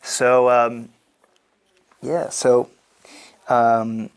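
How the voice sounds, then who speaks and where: A man's voice: mid-range voice, normal speed. Chatty man in his thirties teaching. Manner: chatty, digressive, many fillers like "you know". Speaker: rabbi teaching a class. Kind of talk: casual lecture.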